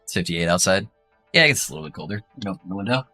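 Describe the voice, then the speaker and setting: Bright-voiced male streamer, soothing and laid-back. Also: sits low, fast, soft background music. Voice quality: soothing narrator-like voice. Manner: relaxed, rambling, laughs often. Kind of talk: casual gaming stream chat.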